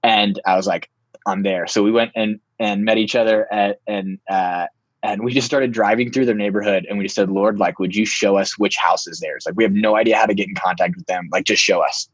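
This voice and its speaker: A young man telling a story in a casual, animated way, full of "like" and restarts. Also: on the low side, brisk, husky, no echo, dull audio. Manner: animated, filler-heavy, lots of "like".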